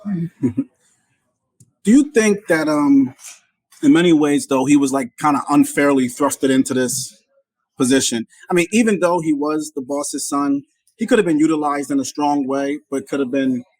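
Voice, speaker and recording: Higher-voiced male host asking questions. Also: measured pace, darkish tone, dry recording, rough recording. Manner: hesitant, searching questions. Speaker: podcast host. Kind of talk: interview questions.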